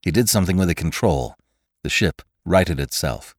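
A man narrating a story in a scripted, expressive read that swells in action scenes. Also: low voice, normal speed, no echo, studio quality. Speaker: audiobook narrator.

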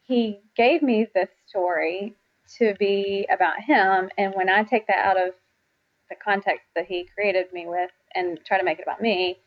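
A woman, a podcast guest talking earnestly and reflectively about faith, quick to laugh. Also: mid-range voice, fairly even intonation. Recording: slightly dull lo-fi sound.

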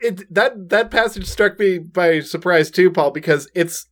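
A man's voice: sits high, a little slow, a bit bright. A man co-hosting a casual book discussion, rambling and playful, with lots of filler words. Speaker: podcast co-host.

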